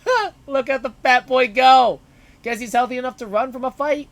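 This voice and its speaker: A man reading aloud, voicing a small, vulgar, fierce old grandmother with a gruff, scolding manner. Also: extremely high pitch, steady tone, quick pace, no room sound, voice pushed up.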